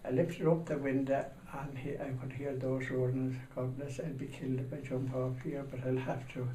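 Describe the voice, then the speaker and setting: A man rambles through a comic anecdote at an even middle pitch, breaking into loud shouted voices for the people in it. He sits well back from the microphone in an echoey room. A steady noisy hiss runs under the recording. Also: moderate pace, recorded from a distance.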